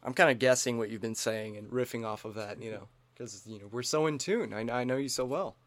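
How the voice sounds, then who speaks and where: A man co-hosts a comedy podcast in loose, joking chat, riffing off his partner and talking over him. His voice sits at an ordinary middle pitch. The sound is close and dry, with no room around it. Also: a little fast, dry recording. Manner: joking, riffs and talks over his co-host. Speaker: podcast co-host.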